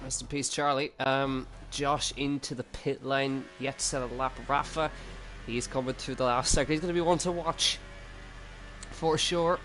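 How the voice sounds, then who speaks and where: A man's voice: mid-range voice, steady tone, normal speed, fairly bright tone, soft background music. Casual co-commentator man. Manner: casual, chatty, filler-heavy. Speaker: esports race co-commentator. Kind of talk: live sim racing commentary.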